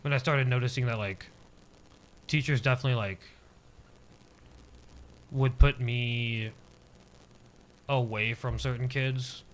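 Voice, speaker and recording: A man's voice: medium pitch, steady tone, a little slow, pauses often, slight background noise. A man in his twenties, a podcast guest, telling a personal story casually and hesitantly, with many filler words.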